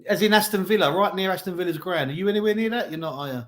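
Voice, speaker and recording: A man's voice: sits high, racing, a crowd in the background. A man chatting on a live football show, joking and asking questions. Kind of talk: casual football chat.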